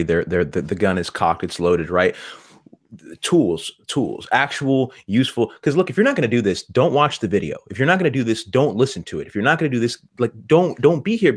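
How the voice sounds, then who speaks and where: A man co-hosting a motivational talk show, speaking in quick, punchy bursts and repeating words for emphasis. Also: lowish voice. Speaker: podcast co-host.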